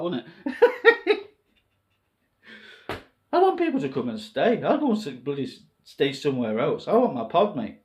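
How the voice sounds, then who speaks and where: Impassioned rambling man, swearing freely. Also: a little high. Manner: swearing, rambling, swings between calm and impassioned. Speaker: self-styled candidate vlogger. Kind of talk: rambling emotional monologue to camera.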